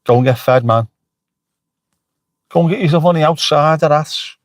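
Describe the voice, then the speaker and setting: A man's voice: a little high, moderate pace, no echo. Joking middle-aged man, dry sound. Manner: chatty and joking, swears freely, reads out chat. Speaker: livestream host. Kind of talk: casual live-stream chat.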